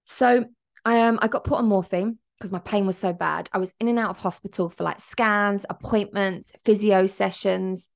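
A woman's voice: mid-range voice, fairly even intonation, moderate pace, creaky. A young woman hosting a podcast, telling her personal story in a candid, emotional way and acting out the quotes. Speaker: podcast host.

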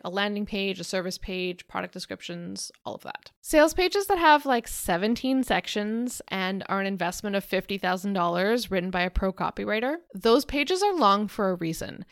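A woman's voice: mid-range voice, fairly bright tone, no echo, clean studio sound. A young woman hosting a solo podcast, talking in a chatty, candid and self-deprecating way. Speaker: podcast host.

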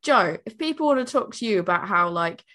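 A woman co-hosting a podcast, chatting casually and acting out quotes as she tells animated stories. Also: mid-range voice, a little fast. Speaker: podcast co-host. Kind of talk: casual chat.

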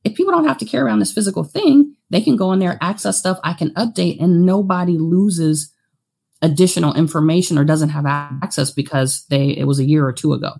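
A woman speaks with a gravelly, husky edge to her voice, pitched somewhat low. She talks as an interview guest, frank and animated, telling her business story in a casual way. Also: a little fast. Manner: frank, animated, slips into quoted self-talk. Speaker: therapist and business owner guest.

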